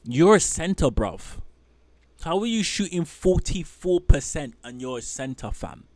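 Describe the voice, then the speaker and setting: A man's voice: fairly high pitch, measured pace, a little hiss or hum. Rambling man talking fantasy hoops. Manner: animated, rambling, trails off into muttering. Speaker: fantasy basketball league host. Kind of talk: casual solo commentary.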